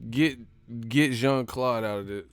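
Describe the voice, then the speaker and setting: A man hosting a live stream, giving loud, profane, slangy boxing banter full of laughs and mock impressions. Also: mid-range voice, smooth, no echo. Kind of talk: casual boxing commentary with comic impressions.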